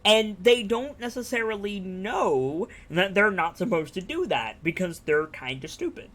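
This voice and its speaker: Rambling, fast-swearing man chatting on stream. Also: sits high, expressive, a bit bright. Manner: rambling, enthusiastic, swears freely. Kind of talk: casual chat.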